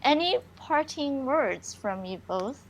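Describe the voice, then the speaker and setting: A woman's voice: sits high, animated, slow pace. A woman hosting a livestream in a chatty, hesitant manner. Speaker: livestream host. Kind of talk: casual livestream chat.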